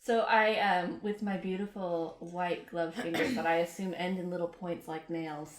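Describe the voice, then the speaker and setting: A woman's voice: fairly low pitch, fairly even intonation, normal speed. A woman playing a tabletop game, playful and teasing as she describes her moves. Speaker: player. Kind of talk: casual tabletop play. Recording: roomy echo.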